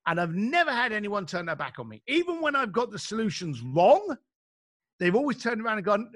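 A man's voice: high voice, very animated, a little fast, a bit bright, no room sound, clean studio sound. A middle-aged man, an author guesting on a podcast, telling stories in a blunt, emphatic way and acting out the voices of people he quotes. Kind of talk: animated conversational storytelling.

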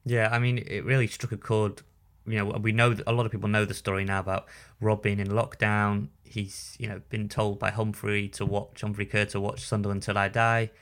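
Low, flat-voiced man with halting speech. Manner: halting, many restarts and repeated words. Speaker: podcast co-host, newspaper writer. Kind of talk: casual podcast chat.

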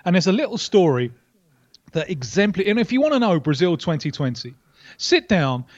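A man reporting down a line as a football correspondent, talking in a wry, animated way with many restarts. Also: high-pitched, moderate pace, dry recording, lo-fi sound. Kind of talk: radio interview.

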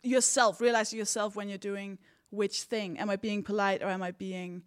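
A woman co-hosting a live comedy podcast on a theatre stage, casual and quick to laugh, swearing freely. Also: mid-range voice, level tone. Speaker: podcast co-host. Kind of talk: live comedy podcast chat before an audience.

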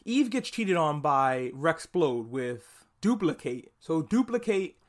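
A young man hosting a podcast, talking through a TV episode in a casual, animated and profane way, acting out characters' lines in quick asides. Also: fairly high pitch. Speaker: podcast host. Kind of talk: casual solo podcast review.

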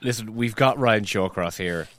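A man's voice: on the low side, normal speed, a bit bright, no echo. A man co-hosting a casual football podcast, mostly chipping in with brief interjections and dry quips. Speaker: podcast co-host.

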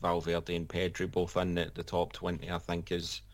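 A man giving measured, dryly humorous football opinions as a podcast pundit, hedging his points. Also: low voice, monotone. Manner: measured, dry humour, hedging. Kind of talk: casual panel chat.

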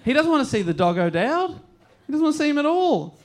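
A man with an Australian accent retelling a play's plot for laughs, animated and laughing through his lines. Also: very high voice, fast. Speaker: podcast co-host. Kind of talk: comedic story recap.

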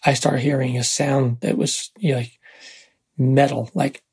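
An older man with a very husky voice, telling a personal story in a rambling, halting way with many fillers and restarts. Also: medium pitch, flat delivery, darkish tone. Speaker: interviewee.

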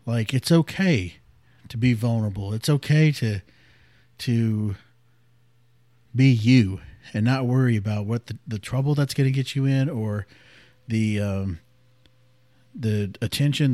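A man in his late thirties, a podcast host telling a personal story in a candid, reflective way, often dropping to a hushed voice. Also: mid-range voice, no room sound.

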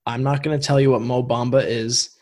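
A man's voice: medium pitch, flat delivery, brisk, a little mellow. A young man from Vermont hosting a casual podcast chat, rambling with lots of fillers. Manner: rambling, filler-heavy, laughs easily. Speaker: podcast host.

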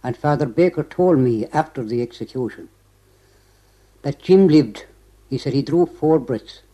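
An elderly Irish man tells a remembered story to an interviewer, his voice dark and mellow in tone. He rambles, restarts his phrases and strings everything together with "he said" after nearly every clause. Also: medium pitch, animated, a little slow, low-quality recording. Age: older. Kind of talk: oral history recollection.

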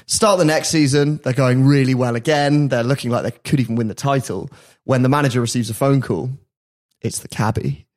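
A man's voice: medium pitch, a little fast. A man hosting a podcast, telling a story in casual chat and often laughing at his own asides. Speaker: podcast host.

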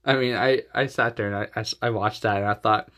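A man's voice: fairly low pitch, fairly even intonation, fast talker, a bit bright. A man hosting a podcast, recapping an episode in a rambling, joking way and laughing often. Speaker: podcast host. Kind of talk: casual episode recap and sponsor read.

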